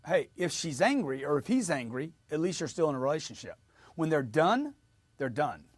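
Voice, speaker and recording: Emphatic male sales trainer, lively delivery. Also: fairly high pitch, moderate pace, no room sound. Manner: emphatic, repetitive, coaching. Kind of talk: motivational sales lesson.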